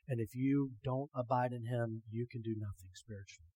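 A man's voice: mid-range voice, level tone, normal speed, few pauses, dark tone, husky. A male pastor preaching a sermon, reading scripture and stressing it with rhetorical questions. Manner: emphatic, rhetorical questions, reads scripture aloud.

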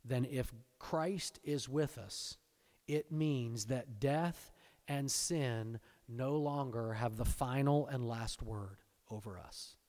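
A man preaching a sermon, swinging between hushed, intense lines and loud, exultant emphasis. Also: medium pitch, slow pace. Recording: long hall reverb.

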